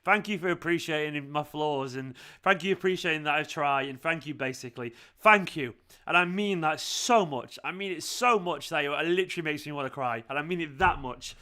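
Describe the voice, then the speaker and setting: Bright-voiced man, heartfelt. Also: on the high side, brisk. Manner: heartfelt, rambling, repeats thanks. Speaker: fan channel host. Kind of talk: emotional to-camera vlog.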